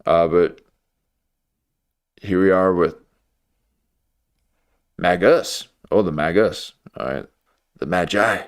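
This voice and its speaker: A man's voice: deep voice, slow, long pauses. A man hosting a live watch-party stream, joking and rambling through reaction commentary with lots of filler words. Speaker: livestream watch-party host.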